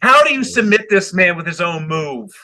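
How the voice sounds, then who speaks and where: A man's voice: high-pitched, normal speed. A man co-hosting a wrestling podcast, talking animatedly and swearing a lot as he recaps a match. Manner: animated, heavy swearing, acts out quotes. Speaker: podcast co-host. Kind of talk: casual wrestling chat.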